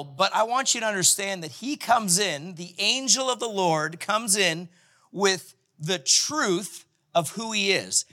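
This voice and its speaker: A man preaching a sermon in a conversational, animated way, acting out the scripture as he goes. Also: high voice. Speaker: pastor.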